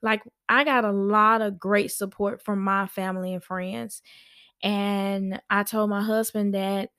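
A woman hosting a podcast, giving frank, chatty advice. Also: mid-range voice. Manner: frank, chatty, slow and emphatic. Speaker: podcast host. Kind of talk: casual advice monologue.

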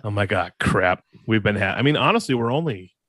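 A man's voice: lowish voice, lively intonation, quick pace, a bit bright, no echo. A man co-hosting a podcast, telling a rambling story in a casual way and laughing along. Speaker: podcast co-host.

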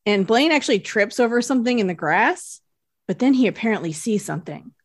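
A woman co-hosting a podcast, retelling a TV episode scene by scene in relaxed, casual narration. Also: a little high, fairly quick, no room sound, clean studio sound. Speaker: podcast co-host. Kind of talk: casual recap chat.

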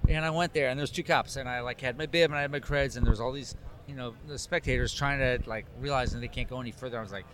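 A man, a photographer, telling an animated anecdote in casual chat, acting out the dialogue. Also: medium pitch, fast. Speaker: cycling photographer.

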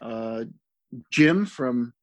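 A man in casual podcast talk, halting and repeating words as he complains dryly about a movie. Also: mid-range voice, animated. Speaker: podcast co-host.

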